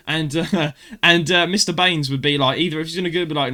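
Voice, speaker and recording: A man's voice: fairly high pitch, fairly quick, bright, forceful tone. A young man co-hosting a casual podcast, telling stories animatedly and mimicking voices. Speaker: podcast co-host. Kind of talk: casual chat.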